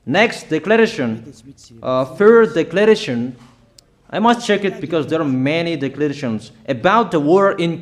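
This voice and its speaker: Preacher, male, higher-pitched, slow and emphatic, declaiming prophecy. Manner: declaiming, emphatic, repeats warnings, halting fillers. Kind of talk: prophetic sermon.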